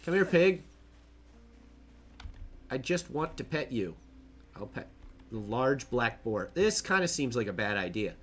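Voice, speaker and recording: A man's voice: medium pitch, animated, moderate pace, fairly bright tone, breathy edge. A man casually narrating his own gameplay on a stream, chatty, joking and laughing to himself as he plays.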